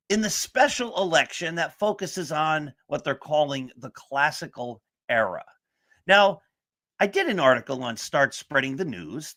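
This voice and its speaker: A man's voice: a little high, a bit bright. A man hosting a sports talk show, speaking in an earnest, emphatic way. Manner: earnest, emphatic motivational delivery. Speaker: show host.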